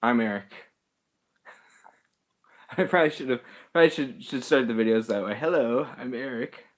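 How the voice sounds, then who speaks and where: A man's voice: medium pitch, expressive, moderate pace. A man hosting a livestream, chatting casually and rambling with chuckles and self-deprecating asides. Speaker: livestream host. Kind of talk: casual chat reading live comments.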